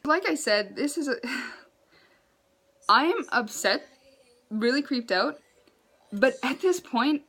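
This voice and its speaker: A woman vlogger telling a story to the camera, exasperated and animated, laughing in disbelief. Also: high voice.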